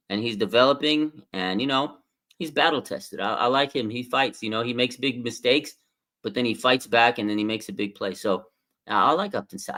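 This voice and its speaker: Excitable man hosting a sports fan stream. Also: medium pitch. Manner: excitable, rambling, fan reactions. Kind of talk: casual live-stream commentary. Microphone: streaming desk mic.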